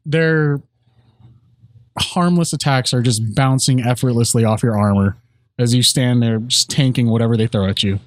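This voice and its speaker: A man narrating as game master in a tabletop game, halting with ums and restarts and often laughing. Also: mid-range voice, dry recording.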